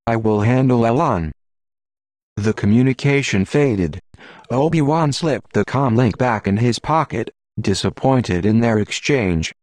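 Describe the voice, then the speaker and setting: A man reading an audiobook in a steady, measured narration. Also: medium pitch, dry recording.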